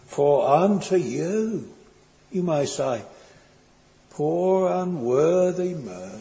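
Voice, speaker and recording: Slow, mellow-voiced man preaching in a reverberant church. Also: medium pitch. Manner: slow, earnest, tender preaching with hesitant restarts. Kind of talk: sermon. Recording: long hall reverb.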